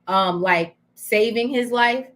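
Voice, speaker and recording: A woman's voice: a little high, slow, a bit bright. Chatty woman co-hosting a recap show. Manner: chatty, thinks aloud with many "um"s. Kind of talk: casual recap chat.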